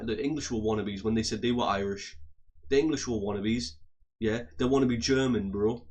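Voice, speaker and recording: A man's voice: mid-range voice, fairly even intonation, a little fast, darkish tone. A man ranting heatedly to his audience, swearing often and repeating and restarting his phrases. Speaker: vlogger. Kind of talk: angry profane rant to camera.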